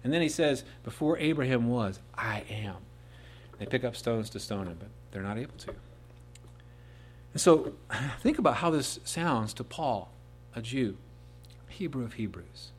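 A man preaching a sermon, rising to loud emphatic peaks and dropping to soft, slow asides on key phrases. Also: mid-range voice, lively intonation, breathy edge. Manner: slows right down to dwell on key phrases.

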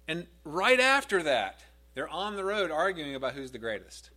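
A man's voice: on the high side, very animated, unhurried, bright, forceful tone. A man preaching a sermon in a conversational way, asking his listeners questions and dropping his voice when he quotes scripture.

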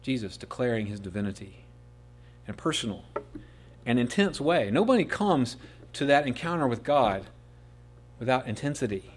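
A man preaching a sermon, rising to loud emphatic peaks and dropping to soft, slow asides on key phrases. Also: medium pitch, sing-song, husky. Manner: slows right down to dwell on key phrases.

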